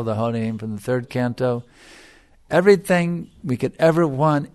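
A middle-aged man with a gravelly, creaky voice, giving an emphatic devotional lecture. He repeats his phrases for stress, and the recording is close and dry. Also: on the high side, no echo. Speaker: spiritual teacher.

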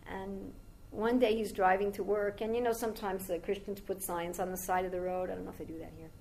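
A woman speaks at a middle pitch, her voice gravelly and fried at the edges. She gives a devotional talk in a loose, conversational manner, wandering into a story and stopping for asides. A faint rumble sits under the recording. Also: fairly even intonation, fast, hardly any pauses, darkish tone, rough recording. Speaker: spiritual teacher.

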